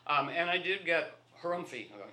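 A man with a bright, forceful voice, pitched a little high, tells winding stories and acts out the dialogue of each person in them. He wanders and restarts as he goes. The sound is roomy and echoey. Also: animated, moderate pace, slight background noise. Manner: rambling, acts out dialogue in anecdotes. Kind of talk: anecdotal storytelling talk. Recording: echoey room.

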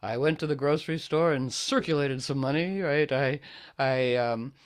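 Hesitant man with clear voice. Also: medium pitch, normal speed. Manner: hesitant, many fillers, reads aloud expressively. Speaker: discussion leader. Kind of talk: casual chat.

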